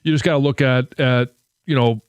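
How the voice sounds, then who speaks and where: A man's voice: medium pitch, steady tone, moderate pace, clean tone, no room sound, highs cut off. A man co-hosting sports talk radio, musing aloud and hesitant, with many fillers.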